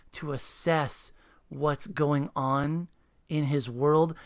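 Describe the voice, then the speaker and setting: An interviewer talks casually and enthusiastically about a book, often pausing on fillers. The voice sits at a middle pitch and reads passages aloud between remarks. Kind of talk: casual conversation and reading aloud.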